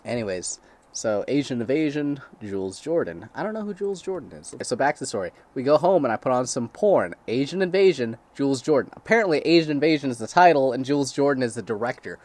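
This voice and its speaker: A man's voice: medium pitch, sing-song, quick pace, a little mellow. A young man with a crude, sarcastic manner, reading blog posts aloud and breaking off to comment and laugh.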